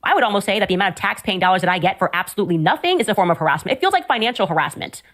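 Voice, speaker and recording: Fast-talking sarcastic woman host. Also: medium pitch, animated, a bit bright. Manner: sarcastic, combative. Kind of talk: opinionated commentary.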